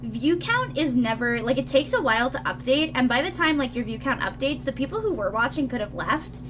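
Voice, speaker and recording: A woman's voice: high voice, big pitch swings, a little fast. A young woman live-streaming tarot readings, rambling casually to her viewers with lots of fillers. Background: lawn mower noise outside.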